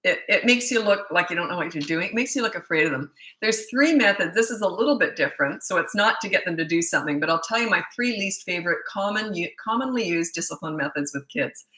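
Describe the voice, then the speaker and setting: A woman's voice: on the low side, lively intonation, fast, few pauses, pushed and bright, roomy sound, rough recording. A middle-aged woman parenting coach answering viewer questions in a blunt, emphatic way, often restarting her sentences.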